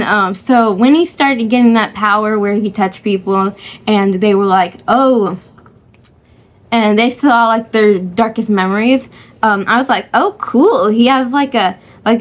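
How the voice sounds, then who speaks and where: Rambling woman, lots of fillers. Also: a little high. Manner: hesitant, full of fillers and restarts, giggly. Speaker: vlogger reviewing a film. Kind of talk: casual rambling chat.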